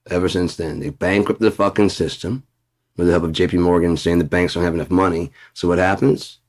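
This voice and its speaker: A man's voice: low-pitched, a little mellow. A man in a blunt, profane ranting monologue for his vlog. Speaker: vlogger.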